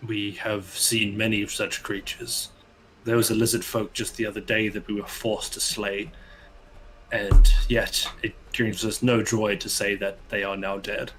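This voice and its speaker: A man's voice: lowish voice, level tone, unhurried, background noise, natural voice. A man voicing a wary male human paladin who leads a group and speaks in a stern, formal, suspicious way.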